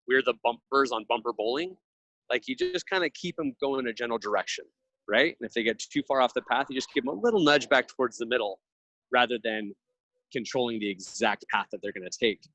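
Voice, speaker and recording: A man's voice: mid-range voice, pushed and bright, no room sound, rough recording. Earnest, reflective man on a dry mic. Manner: earnest, reflective, speaks in long thoughtful runs. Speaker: podcast guest. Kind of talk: casual conversational interview.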